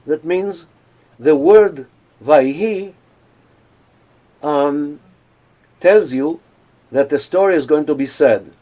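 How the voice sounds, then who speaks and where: Slow-speaking man lecturing and chanting. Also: on the high side, darkish tone. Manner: explains slowly, then chants scripture verses in drawn-out cantillation. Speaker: lecturer on cantillation. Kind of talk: conference lecture with chanted examples.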